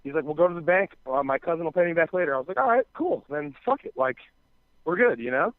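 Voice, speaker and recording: A man's voice: fairly high pitch, lively intonation, fast talker, no echo. A man on a podcast telling a long story in casual chat, full of fillers and swearing, acting out what others said. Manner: rambling, filler-heavy, profane, acts out quoted dialogue. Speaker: podcast co-host. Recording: dry, tinny phone-like sound.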